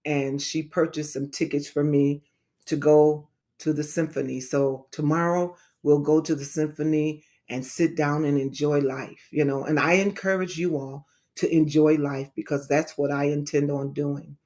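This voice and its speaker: A woman's voice: low-pitched, steady tone, normal speed, warm tone. A middle-aged woman evangelist in a casual livestream talk, speaking in an emphatic, repetitive, preacher-like way.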